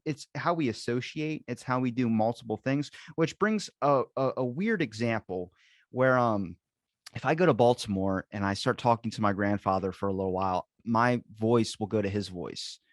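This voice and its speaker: A man's voice: medium pitch, no echo, clean studio sound. A man from Maryland hosting a podcast, chatting casually and rambling with many restarts. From Ocean City, Maryland. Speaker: podcast host. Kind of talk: casual conversational chat.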